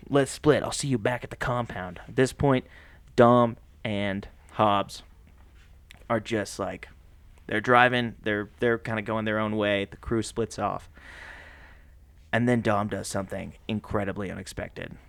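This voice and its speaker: Low-voiced guy on a podcast retelling a movie, laughs a lot, does little voices, dry close sound. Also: measured pace, gravelly, no room sound. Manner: animated, laughs often, slips into voices for characters. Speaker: podcast co-host. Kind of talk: casual movie plot recap.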